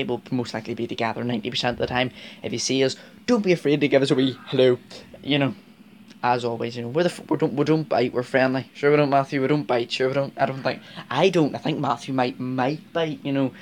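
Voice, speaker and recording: A man's voice: medium pitch, steady tone, quick pace, slight background noise. A man with a Northern Irish accent chatting casually to camera about his model railway, rambling with lots of fillers and frequent laughs. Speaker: vlogger, model railway fan.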